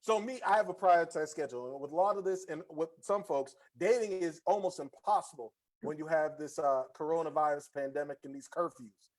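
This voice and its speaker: High-voiced man hosting a podcast. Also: fairly quick, few pauses. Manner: storytelling, slangy, repeats himself. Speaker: podcast host. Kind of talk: casual chat.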